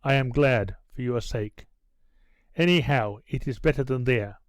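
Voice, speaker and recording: A male audiobook narrator voicing an earnest, resolute nobleman who speaks in measured sentences. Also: mid-range voice, no room sound, lightly acted.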